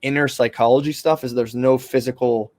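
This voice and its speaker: A man's voice: mid-range voice, steady tone, brisk, darkish tone, no echo. A young man in casual podcast conversation, rambling with restarts and fillers and swearing freely. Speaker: podcast host.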